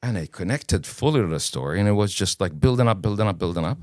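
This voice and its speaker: Lively storytelling man. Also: sits low, fast, no room sound, clean studio sound. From Kuwait. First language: Arabic. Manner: animated, casual storyteller who acts out dialogue. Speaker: guest. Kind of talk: personal storytelling in an interview.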